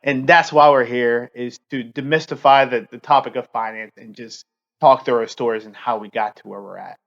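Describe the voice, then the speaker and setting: Male podcast host, 30s, middle pitch, halting and earnest, dull lo-fi mic. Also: steady tone, creaky. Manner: halting, heavy use of fillers; earnest, open. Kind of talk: personal storytelling.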